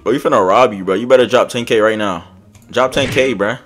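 A young man streaming a game, chatting loudly with friends and yelling out excited exclamations. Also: medium pitch, brisk, soft background music. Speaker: gaming streamer.

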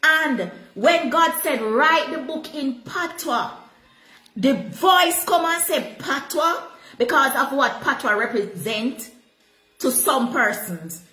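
A Jamaican woman preaches with animated energy, slipping freely into patois. Her high, bright voice rings out in an echoey room. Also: slow pace. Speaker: pastor. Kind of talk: sermon.

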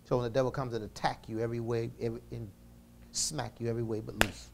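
A man preaching a sermon, calling out to his congregation for responses and swinging from fervent shouting to low, intimate talk. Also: flat delivery, quick pace, creaky, background noise.

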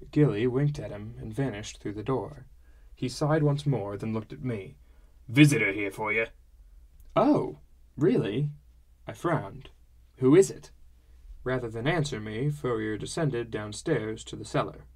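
A man narrating a fantasy audiobook in the first person, in a measured storytelling manner. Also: on the low side.

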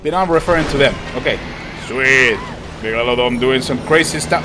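A young man hosting a gaming channel, giving excited let's-play commentary, laughing, exclaiming and repeating himself as he plays. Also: on the high side, brisk, background noise. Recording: game music behind voice.

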